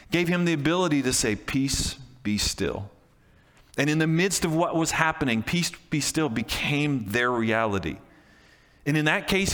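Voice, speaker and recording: Male pastor delivering a casual, repetitive sermon; slightly high pitch, reverberant room. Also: fairly bright tone. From Canada. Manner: conversational, with restarts and emphatic repeats.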